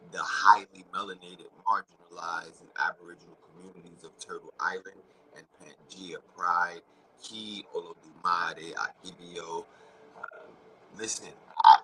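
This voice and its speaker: Man, deep voice, faint background hiss, loud confrontational rant, drops to whispers. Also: low-quality recording. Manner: loud and rambling, shifting between shouts and hushed asides; profane and confrontational. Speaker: vlogger. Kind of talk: freewheeling spiritual rant.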